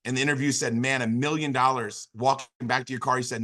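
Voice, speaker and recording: A man's voice: medium pitch, steady tone, fast, bright, forceful tone. A man in his fifties giving a motivational business talk, telling a long story with frequent restarts and filler phrases. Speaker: business opportunity speaker.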